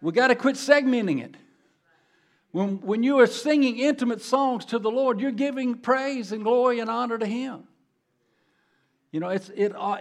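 A middle-aged male guest preacher delivering a sermon with a fairly high voice. He drops to a low, confiding tone and then surges into loud, emphatic declarations. His pace shifts freely to stress his points. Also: gravelly. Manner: emphatic, swinging from quiet to loud boasting. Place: church sanctuary.

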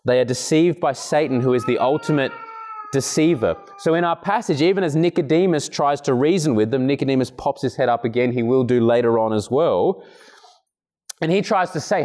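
A man preaching an expository sermon, earnest and emphatic, occasionally clearing his throat between points. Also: a little fast, darkish tone. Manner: earnest, emphatic, acts out quoted speakers with raised pitch.

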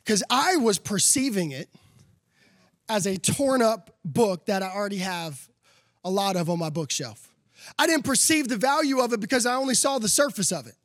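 A man's voice: high voice, expressive, moderate pace, a bit bright, dry recording, studio quality. A man preaching a sermon, telling a personal story with laughs and building to emphatic calls.

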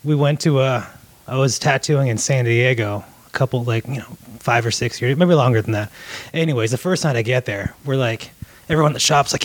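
A man's voice: mid-range voice, fairly quick, no echo. Laid-back man telling a story, dry sound. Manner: laid-back storyteller, swears a lot, says dude. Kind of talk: casual chat.

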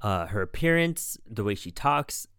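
A man's voice: lowish voice, sing-song, measured pace, fairly bright tone, clean tone, no echo, studio quality. A man co-hosting a podcast in a casual chat, rambling with lots of fillers. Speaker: podcast co-host.

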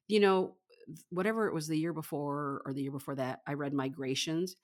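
A woman's voice: low-pitched, fairly quick, darkish tone. A woman co-hosting a casual book chat, effusive and rambling, laughing often. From Michigan, US. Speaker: podcast co-host.

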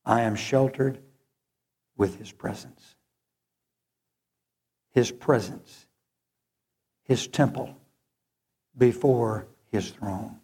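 A man's voice: medium pitch, a little mellow, husky. A male preacher delivering an earnest sermon that rises to fervent moments. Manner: slow, earnest, rising to fervent.

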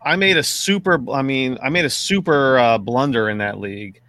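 A man rambles through a fantasy football story with a bright, forceful edge to his voice. He restarts sentences often, swears freely and laughs at himself. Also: mid-range voice, normal speed. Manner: rambling, self-deprecating, lots of restarts and swearing. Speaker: podcast host. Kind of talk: casual fantasy football chat.

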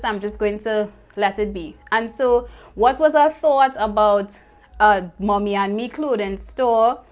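Young woman life coach telling her story, kinda high voice, earnest and reflective, repeats stuff for emphasis. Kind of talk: personal storytelling talk.

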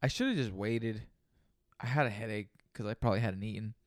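A man's voice: fairly low pitch, brisk, dry recording, clean studio sound. A young man hosting a casual solo podcast, rambling and joking with lots of profanity and playful repeated asides. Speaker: podcast host.

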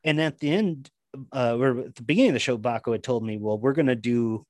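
A man's voice: medium pitch, lively intonation, quick pace, no room sound, clean studio sound. A man chatting as a podcast guest, telling long, rambling stories full of fillers and restarts. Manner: rambling storytelling, many fillers. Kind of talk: casual chat.

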